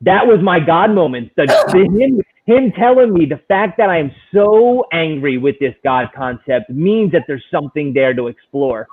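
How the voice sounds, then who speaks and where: A man's voice: a little high, lively intonation, normal speed, few pauses. A man in recovery sharing a personal testimony in a candid, searching way, full of restarts. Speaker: guest in recovery. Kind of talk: personal testimony in casual conversation. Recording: tinny phone-like line.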